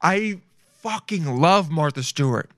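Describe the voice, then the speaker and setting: A man hosting a casual solo podcast, excitable and profane, thinking out loud as he talks. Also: a little high, a little slow, no room sound, studio quality. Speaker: podcast host.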